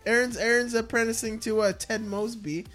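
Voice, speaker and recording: A man hosts a loose, casual podcast, wandering through his stories and breaking into laughter along the way. His voice is bright and forceful, with faint music somewhere behind him. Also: very high-pitched, steady tone, moderate pace. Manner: rambling storyteller, laughs a lot. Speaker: podcast host.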